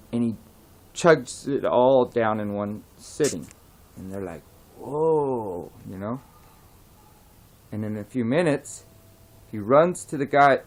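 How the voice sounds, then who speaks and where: Rambling man telling a pub joke. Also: medium pitch. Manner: rambling, many fillers and restarts, often soft-spoken. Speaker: joke teller.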